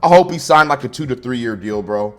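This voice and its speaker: A man's voice: medium pitch, lively intonation, brisk, faint music behind. A man ranting through a wrestling show review, angry and sarcastic, swearing constantly.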